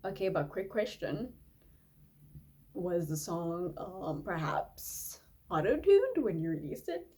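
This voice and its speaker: A woman's voice: lowish voice, sing-song, slow, warm tone, heavily acted. Woman doing a prim male rock collector. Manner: prim, dry, nitpicking.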